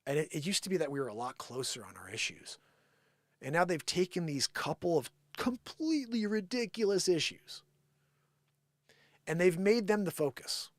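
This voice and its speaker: A man hosting a live show, ranting in an animated, sarcastic opinion monologue. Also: on the high side, moderate pace, dry recording, clean studio sound.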